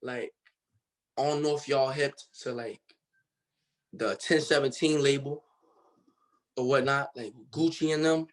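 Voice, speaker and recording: This young Cincinnati guest artist talks through his story in a casual interview, slangy and loose with plenty of fillers. His mid-range voice stays steady, at a measured pace with frequent pauses.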